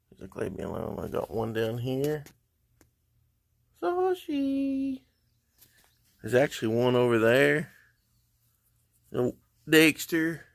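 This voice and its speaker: A man's voice: medium pitch, gravelly, a little mellow. A middle-aged man chatting casually on a livestream, telling easygoing, rambling stories from his porch. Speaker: live streamer. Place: outdoor porch.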